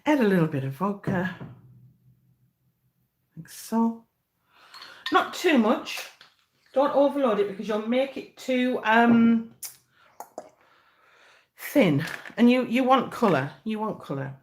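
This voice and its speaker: A woman's voice: a little high, big pitch swings, slow, pauses often, slight background noise. A middle-aged woman giving a live cake decorating demonstration, chatty and encouraging with many fillers.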